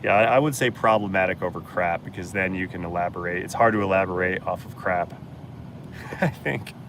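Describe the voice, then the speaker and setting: A blunt, joking mechanic answers viewer questions in a casual live stream. His voice sits on the low side for a man. Faint outdoor street noise runs under the recording. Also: a little fast, a bit bright. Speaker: host answering live chat.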